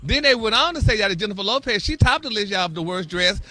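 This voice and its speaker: A man's voice: high voice, lively intonation, quick pace, pushed and bright, faint music behind. A man doing a radio morning show gossip segment, sassy and dramatic, calling everyone honey. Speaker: gossip correspondent. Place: radio studio.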